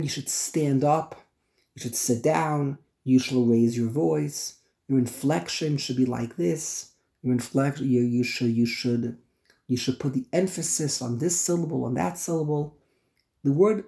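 Man teaching a text class, mellow voice. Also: on the high side. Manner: reads Hebrew phrases aloud then translates and explains them, with repeats and restarts. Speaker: Torah teacher. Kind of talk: text study class explaining Hebrew and Aramaic commentary.

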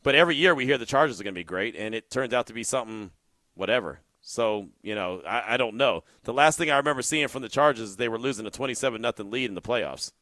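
Brief: male sports podcast host, bright tense voice, dry close mic, animated storyteller. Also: medium pitch, fast, dry recording. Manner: animated storytelling, gets loud and incredulous. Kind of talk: solo sports podcast commentary.

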